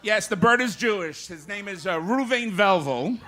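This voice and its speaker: A man's voice: high-pitched, expressive, moderate pace, bright, forceful tone, a little hiss or hum. A man doing live stand-up in a comedy club, telling old-school jokes and firing back at hecklers. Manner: old-school joke teller, banters with hecklers. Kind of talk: live stand-up with crowd work.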